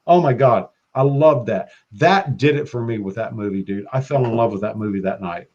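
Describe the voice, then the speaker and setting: A man talking as a podcast guest, excitable and profane, laughing often. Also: lowish voice, normal speed, dull audio, over a noisy crowd. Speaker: guest practitioner. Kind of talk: casual podcast chat.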